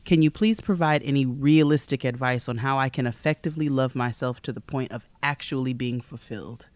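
A woman's voice: a bass voice, a little fast, a little mellow, dry recording. Upbeat woman podcast co-host, dry mic. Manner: reads listener letters aloud, upbeat ad delivery. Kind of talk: casual podcast chat and ad read.

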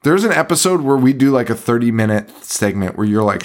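A man's voice: mid-range voice, lively intonation, a little fast, hardly any pauses. A man co-hosting a horror podcast in casual chat, tired and rambling, swearing often and laughing between sentences. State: tired, yawning. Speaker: podcast co-host.

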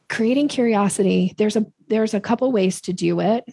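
A woman talking as a sales coach guest on a podcast interview, animated, acting out quoted voices with big pitch jumps. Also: moderate pace, vocal fry, few pauses, slightly rough, no echo, clean studio sound.

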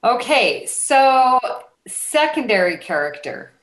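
Slow-talking woman host, roomy sound. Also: on the high side, sing-song. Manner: leads the questions, laughs often. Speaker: podcast host. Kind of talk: casual chat. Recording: roomy echo.

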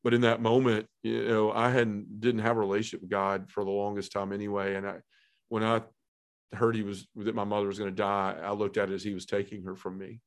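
Low-voiced man, earnest testimony. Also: level tone, brisk. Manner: earnest, heartfelt storytelling with frequent fillers. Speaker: podcast guest. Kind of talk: personal testimony in a podcast conversation.

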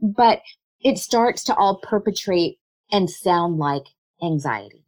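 A woman in a remote interview, a body language specialist, explaining her points in a lively way and laughing often. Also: fairly low pitch, slow pace, low-quality recording. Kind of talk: conversational interview.

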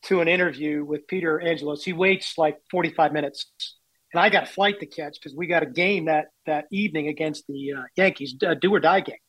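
Brief: man, 60s, raised-pitch voice, candid anecdotal storyteller, dry close sound. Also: fairly quick, a bit bright, no room sound, poor audio. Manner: candid, self-deprecating anecdotes. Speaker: baseball executive guest. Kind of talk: storytelling interview.

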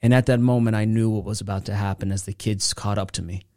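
A man's voice: lowish voice, fairly even intonation, fast talker, no echo. Intense storytelling man, dry sound. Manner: intense, swings between hushed and loud. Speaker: motivational podcast host. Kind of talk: dramatic personal storytelling.

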